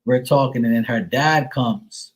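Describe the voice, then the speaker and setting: A man's voice: medium pitch, measured pace, rough recording. Middle-aged guy rambling on a live stream, cussing a lot, lots of "you know" and "like". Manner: profane, rambling, filler-heavy; mimics others in a raised voice. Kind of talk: casual storytelling to viewers.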